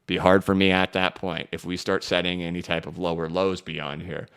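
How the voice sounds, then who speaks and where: Low-pitched and smooth, the man's voice drives a live crypto market broadcast. He hurries along with energetic emphasis, walking through charts and picking up questions from the audience.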